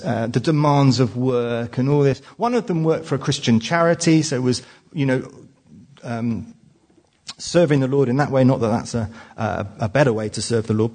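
A man's voice: mid-range voice, darkish tone. A man in his forties from England preaching a sermon, telling personal stories in a conversational way with frequent restarts and fillers.

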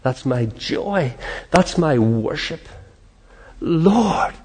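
A man preaching a sermon in an earnest, animated way, acting out prayers and quotes, with a soft laugh now and then. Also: on the high side, measured pace, husky.

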